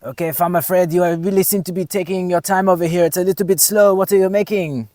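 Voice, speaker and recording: A man's voice: sits high, fairly even intonation, fast talker, dark tone, no room sound. A man with a French accent hosting a children's show, teasing the kids and sprinkling in French words. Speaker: host.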